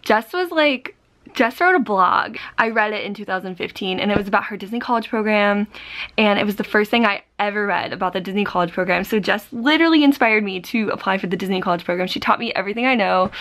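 A young woman vlogging casually, gushing and excitable, often saying "literally". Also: mid-range voice, fast talker. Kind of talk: casual vlog chat. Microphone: compact camera.

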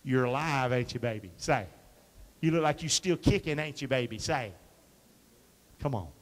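A man preaching a sermon as pastor, quoting scripture and calling for responses from the congregation, shifting between quiet asides and loud emphatic lines. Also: medium pitch, animated, moderate pace. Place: church sanctuary. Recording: long reverb of a hall.

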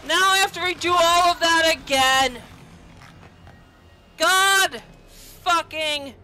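A woman giving gameplay commentary, yelling and swearing at the game, with sarcastic asides between outbursts. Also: extremely high pitch, slow. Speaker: gaming channel host.

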